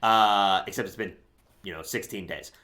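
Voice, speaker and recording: A man with a lowish voice narrates as game master of a tabletop role-playing game. He speaks at a moderate pace, relaxed and rambling, with lots of fillers.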